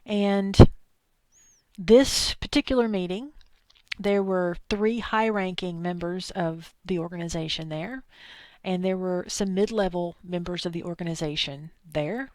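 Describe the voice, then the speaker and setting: A woman's voice: on the low side, fairly even intonation, unhurried, darkish tone, no echo. Chatty Southern woman lecturing. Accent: thick Southern US. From Arkansas, US South. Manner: chatty, digressive, with asides and acted-out quotes. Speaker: instructor. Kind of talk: recorded lecture.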